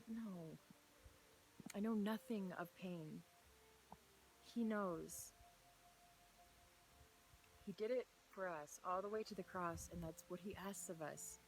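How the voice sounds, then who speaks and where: A young woman speaks outdoors on a hilltop as rain falls, talking through a devotional message with a middling voice. She rambles earnestly, restarting her sentences, and often slips into excited whispers. A faint noise sits behind her voice. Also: medium pitch, slow, pauses often, rough recording. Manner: breaks into excited whispers and laughter. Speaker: faith vlogger. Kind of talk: casual devotional talk.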